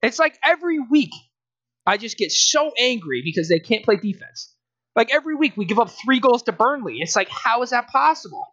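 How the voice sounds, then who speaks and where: A man's voice: extremely high pitch, big pitch swings, fairly quick, pushed and bright, no room sound, lo-fi sound. A young man co-hosting a casual sports podcast, ranting in exasperation, laughing and restarting his sentences. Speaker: podcast co-host.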